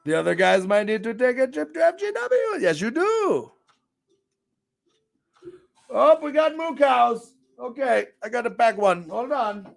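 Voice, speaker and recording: Man, stream host, high voice, gravelly edge, upbeat, rambling chat with loud greetings to viewers. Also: measured pace. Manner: upbeat, swings into loud excited shout-outs. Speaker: livestream show host.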